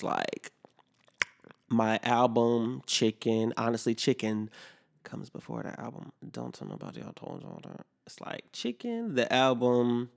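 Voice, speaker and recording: A man's voice: mid-range voice, creaky. A young man hosting a podcast, telling a story in a casual, profane rant and acting out both sides of each conversation. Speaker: podcast host.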